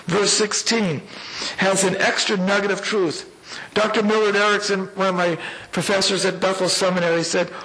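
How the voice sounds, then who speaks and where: A middle-aged man preaching a sermon as pastor. He builds phrases with rising emphasis and slows down to a weighty close at the end of lines. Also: high voice, fairly bright tone, low-quality recording. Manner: preaching with swelling emphasis and slow, weighty endings.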